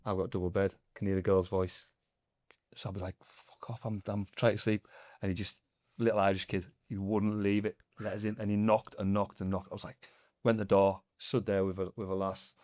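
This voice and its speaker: Low-voiced man swapping football stories. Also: level tone, brisk, darkish tone, no echo, studio quality. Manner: rambling storyteller, restarts and acts out quotes. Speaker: podcast co-host. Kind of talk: casual chat, telling dressing-room stories.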